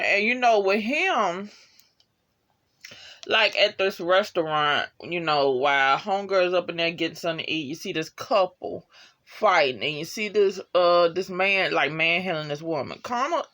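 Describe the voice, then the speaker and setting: A woman giving a casual, slangy spoken review of a TV episode, full of asides and acted-out lines. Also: on the low side. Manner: animated, slangy, acts out characters' lines.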